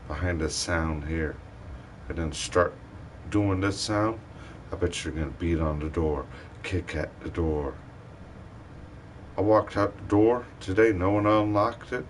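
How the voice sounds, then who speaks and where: A man's voice: low-pitched, a little hiss or hum. A man ranting bitterly to his live stream, full of cursing and rambling complaints.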